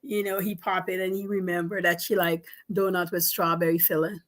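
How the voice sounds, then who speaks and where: A woman business coach giving advice in an interview, animated and emphatic, repeating her points for stress. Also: on the low side, fairly quick.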